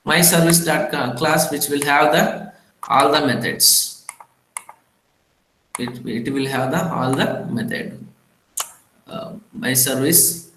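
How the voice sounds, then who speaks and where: Male lecturer from India, slow and halting with frequent fillers, bright tone, recorded in an echoey room. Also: medium pitch, a little hiss or hum. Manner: halting, many fillers and restarts.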